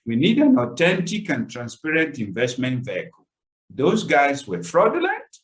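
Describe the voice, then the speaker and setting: A man's voice: a little high, huge pitch swings, moderate pace, rough recording. Earnest man telling a painful story. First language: not English. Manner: earnest, storytelling with emotional swings. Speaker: webinar presenter. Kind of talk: personal story in a webinar pitch. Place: online webinar call.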